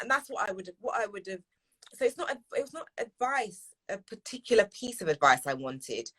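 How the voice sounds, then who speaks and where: A woman's voice: on the high side, animated, fairly quick, a bit bright. A woman speaking as a guest in a live discussion, earnest and repeating phrases for emphasis. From United Kingdom. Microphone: video call.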